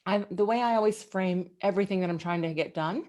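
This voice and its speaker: A middle-aged woman, an executive guest, giving motivational advice in an interview with emphatic, animated delivery. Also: quick pace. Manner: emphatic and animated, with big swings in pitch.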